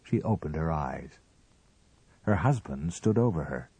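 A man narrates an audiobook story in a measured, expressive way. His voice is very low, dark and a touch husky, with lively rises and falls. The recording is dry and close. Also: no echo.

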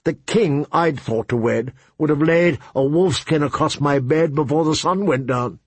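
A man's voice: a little high, moderate pace, slightly rough, dry recording. A cold, commanding queen, as a male narrator puts her on. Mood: cold, demanding. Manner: cool and commanding. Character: cold, scheming adult queen.

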